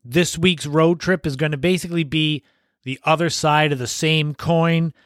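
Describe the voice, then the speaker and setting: Podcast host, male, raised pitch, laid-back anecdotal delivery with laughs, dead-dry sound. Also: fairly even intonation, moderate pace, dry recording. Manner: laughs while telling anecdotes. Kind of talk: casual storytelling monologue.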